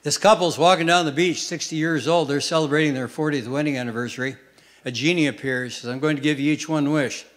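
An older man doing stand-up on stage, telling quick deadpan one-liners to a live audience. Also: on the high side, faint music behind. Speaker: stand-up comedian. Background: audience laughter.

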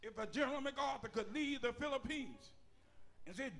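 Male bishop, high bright voice, rhythmic folksy preacher who shouts his lists. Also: animated, normal speed, vocal fry. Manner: folksy, with dialect grammar and humor. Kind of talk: sermon.

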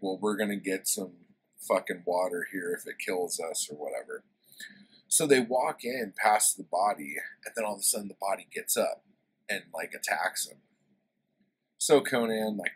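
A man's voice: sits low, slightly rough, rough recording. A man casually retelling a favorite story in a book review, rambling and swearing with lots of fillers.

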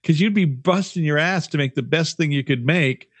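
A man's voice: fairly high pitch, normal speed, a bit bright, slightly rough, dry recording. A man in his fifties, a former radio broadcaster, telling profane, rambling stories while co-hosting a podcast. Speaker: podcast co-host. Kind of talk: casual chat.

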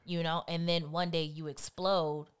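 A woman's voice: sits low, level tone, measured pace, smooth. A woman co-hosting a casual couple's chat, talking bluntly and with lots of swearing, acting out old arguments. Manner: blunt, profane, acts out past arguments. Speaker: co-host.

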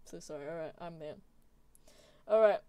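A woman's voice: deep voice, moderate pace, clean tone, dry recording, lo-fi sound. A young woman streaming from home, chatting casually with her viewers while gaming, giggling often and answering chat.

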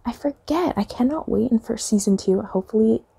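A young woman rambles chattily to her camera in a dark, mellow tone. Her voice is gravelly and husky, with fillers as she drifts from thought to thought. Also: on the high side, lively intonation, fairly quick. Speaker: reading vlogger. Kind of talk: casual chat.

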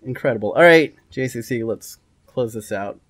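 A man hosting a casual gaming podcast in an animated style that swears casually. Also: mid-range voice, moderate pace. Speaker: podcast host.

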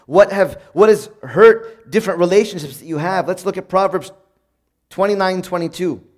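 A man preaching a sermon in a conversational way, reading from old sayings and acting out everyday moments in a bright, upbeat voice. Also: sits high, moderate pace.

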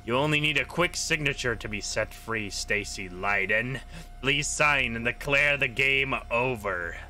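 A man voicing a sinister seated figure in a top hat, speaking in a slow, low and menacing way while reading a horror game aloud. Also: bright, forceful tone.

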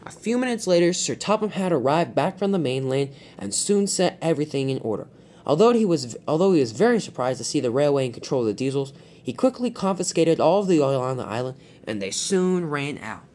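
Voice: medium pitch, big pitch swings, fairly quick, a little mellow. A storyteller narrating a homemade toy-train adventure, with frequent slips and restarts.

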